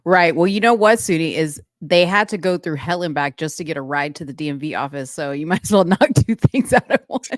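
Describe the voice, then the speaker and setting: Low-voiced woman chatting and laughing. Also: fairly quick, hardly any pauses, no echo, clean studio sound. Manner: animated, laughs often; gossipy storytelling. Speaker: podcast co-host. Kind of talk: casual chat.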